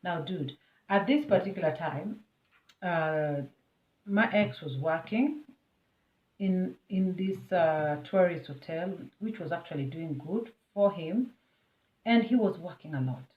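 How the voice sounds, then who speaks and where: A woman's voice: fairly low pitch, unhurried. Kenyan woman vlogger, storytime delivery, emphatic and chatty, addresses the viewer directly; phone-like sound. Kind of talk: storytime vlog. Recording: tinny, phone-like and roomy.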